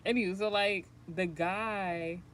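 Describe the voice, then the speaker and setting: A woman's voice: mid-range voice, fairly even intonation, takes it slowly, a bit bright. A woman hosting a spiritual channel, telling a long story in a casual livestream, rambling and swearing and laughing as she goes. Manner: rambling, profane, laughs often.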